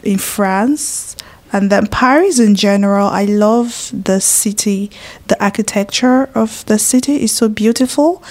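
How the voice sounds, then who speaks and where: A young woman talks openly in an interview, in a voice of middling pitch. She is chatty and expressive, often pausing on "um" and starting her sentences over. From Nigeria. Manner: chatty and expressive with many fillers and restarts. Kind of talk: casual interview chat.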